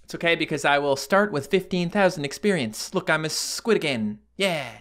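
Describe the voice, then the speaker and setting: Animated young man doing game commentary. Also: fairly high pitch, normal speed. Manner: animated, yelps and laughs at sudden attacks. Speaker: gaming YouTuber. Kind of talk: casual let's-play commentary.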